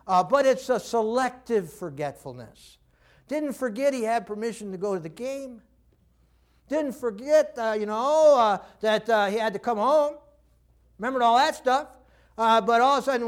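Older male pastor, high-pitched, animated sermon delivery with acted-out voices and laughter. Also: normal speed. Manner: animated, acts out quoted voices, laughs often.

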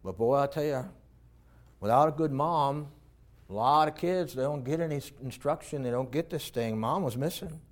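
A man preaching a sermon, telling stories in a folksy way and moving between quiet reflection and loud, animated points. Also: medium pitch, moderate pace. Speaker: pastor.

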